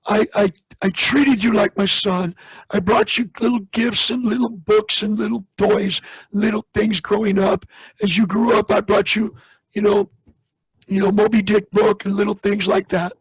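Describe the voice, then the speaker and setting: A man preaching as he tells a testimony story, acting out each person in it with big swings of pitch. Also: level tone, moderate pace, breathy edge, no room sound, poor audio. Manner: dramatic retelling, acts out the voices in the story with big pitch swings. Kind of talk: sermon storytelling.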